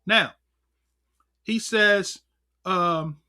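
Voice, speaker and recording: A man giving a casual livestream lesson from a book, speaking in an animated way to his viewers as brothers and sisters. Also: high-pitched, extremely slow. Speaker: livestream teacher.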